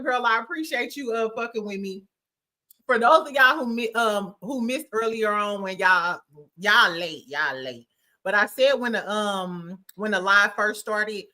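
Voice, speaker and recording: A bubbly livestream host from St. Louis, USA, greets her chat by name on a casual stream, laughing often. Her voice is a little high, pushed and bright.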